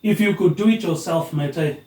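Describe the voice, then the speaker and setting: A man rambles through a loose monologue, tagging his sentences with a casual "mate, eh". His voice sits a little high yet sounds mellow and warm. He records into a phone tablet with no microphone, so the room echoes around him. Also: brisk. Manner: meandering, tags lines with "mate, eh". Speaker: vlogger.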